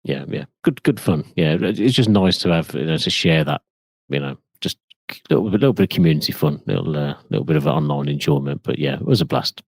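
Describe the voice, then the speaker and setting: A man's voice: rumbling low, expressive, fairly quick, creaky, slightly rough, dry recording. A man co-hosting a casual podcast who talks hesitantly, with lots of fillers. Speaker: podcast co-host.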